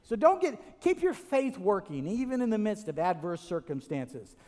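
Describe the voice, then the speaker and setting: Brief: high-pitched man preaching, long hall reverb, chatty and animated storytelling. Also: moderate pace. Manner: animated storytelling with many restarts and "right?" asides. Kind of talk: sermon.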